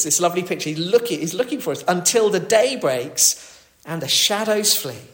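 Guy preaching, chatty, bit of a higher voice, roomy church echo. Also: expressive, moderate pace, fairly bright tone. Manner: conversational, with fillers and restarts. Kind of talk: sermon. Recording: echoey church hall.

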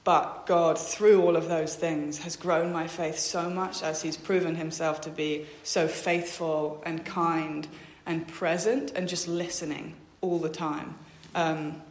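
A woman's voice: deep voice, flat delivery, slow pace, hardly any pauses. Young woman sharing a hesitant faith testimony. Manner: hesitant, many ums, reads out Bible verses. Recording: echoey room.

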